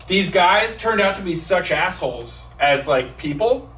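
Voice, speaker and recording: A man telling a profane, animated comedy story on a theater stage, acting out the people in it. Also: sits high, a little slow. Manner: profane, animated, acts out voices. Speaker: stand-up storyteller. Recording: echoey live room, mic from a distance, background noise.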